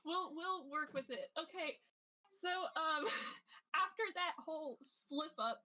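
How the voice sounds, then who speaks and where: A woman's voice: sits high, slow pace, bright, forceful tone, poor audio. A woman narrating her character in a casual tabletop role-play, giggly and full of little fillers. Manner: giggly, lots of fillers and restarts. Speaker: player.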